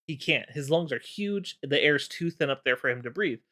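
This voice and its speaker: A man's voice: a little high, lively intonation, moderate pace, pushed and bright. A man voicing a clever male dragon who talks in a casual, chatty way. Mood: scheming.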